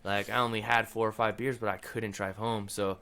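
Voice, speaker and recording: A man's voice: on the low side, flat delivery, a little fast, bright, forceful tone. A young man co-hosting a casual podcast, laid-back and swearing, with lots of "like" and "dude" fillers. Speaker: podcast co-host. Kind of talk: casual chat.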